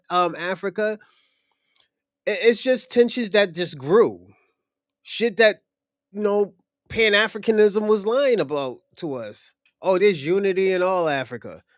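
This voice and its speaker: A young man with a fairly high voice talks in a loose, heated podcast discussion. He is blunt and profane and circles back to repeat his points. The sound is dry and close, with no room echo. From United States. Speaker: podcast host. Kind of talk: casual unscripted discussion.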